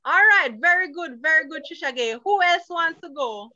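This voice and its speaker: Upbeat woman emceeing a video call, coaxes people by name, high bright voice, kinda dull audio. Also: lively intonation, normal speed. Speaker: host of an online reading competition. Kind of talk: encouraging moderator on a video call.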